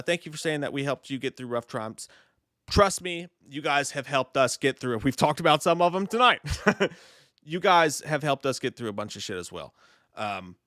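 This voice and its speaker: A man's voice: mid-range voice, a bit bright, no echo, clean studio sound. A man hosting a casual live stream, reading viewer messages in a profane, laid-back way. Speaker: host.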